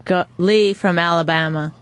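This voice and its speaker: A woman's voice: lowish voice, fairly even intonation, moderate pace, no echo. A woman co-hosting a podcast in casual, joking chat. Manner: joking, plays with put-on accents. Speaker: podcast co-host.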